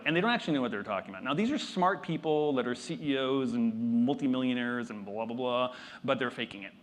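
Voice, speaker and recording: A male keynote speaker talks to a live conference audience in a loose, unscripted-sounding manner. He mocks himself and drops playful asides, and his voice sits at an ordinary middle pitch. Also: fast, a bit bright. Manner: conversational and self-deprecating, with joking asides.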